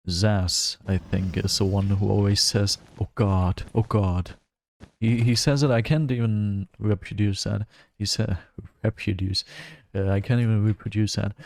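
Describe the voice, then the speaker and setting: A man's voice: on the low side, darkish tone. A male streamer chatting casually while playing a game, rambling and laughing often. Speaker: gaming streamer. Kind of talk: casual gameplay commentary.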